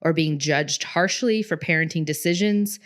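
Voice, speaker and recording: Co-hosting a parenting podcast, a woman talks earnestly in casual conversation and tells a personal story, quoting people in an animated way. Her voice sits low and she speaks at normal speed.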